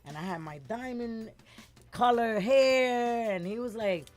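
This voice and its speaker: A middle-aged woman, telling a lively story as a guest in a casual interview and acting out the voices of the people in it. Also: a little high, a little slow, faint music behind. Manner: animated, acts out quoted voices, switches between English and Spanish words.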